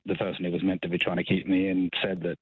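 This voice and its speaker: Australian male caller, husky and very deep, rambling, on a tinny phone line. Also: little pitch movement, fast talker, no room sound. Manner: rambling, hesitant, many ums and restarts. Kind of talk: phone-in talkback call. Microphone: telephone.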